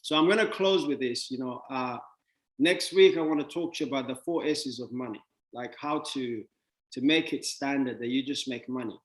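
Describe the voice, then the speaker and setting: A man's voice: medium pitch, moderate pace, echoey room. A man giving a motivational talk on money, playful with wordplay and laughs, then blunt and dismissive.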